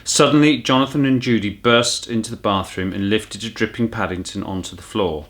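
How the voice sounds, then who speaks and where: A man, a primary school teacher, reading a children's storybook aloud with animated storytelling. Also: fairly low pitch, fairly quick, few pauses.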